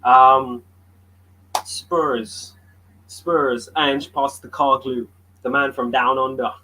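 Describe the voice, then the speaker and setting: A man's voice: medium pitch, steady tone, slow, pushed and bright, low-quality recording. A man from Jamaica co-hosting a casual sports podcast, talking in a blunt, joking and opinionated way. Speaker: podcast co-host. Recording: faint background noise.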